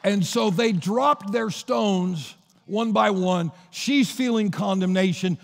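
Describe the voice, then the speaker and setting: High-voiced, gravelly preaching man. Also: slow. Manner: storytelling preacher retelling Bible scenes. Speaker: pastor. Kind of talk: sermon. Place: church sanctuary. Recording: long reverb of a church hall.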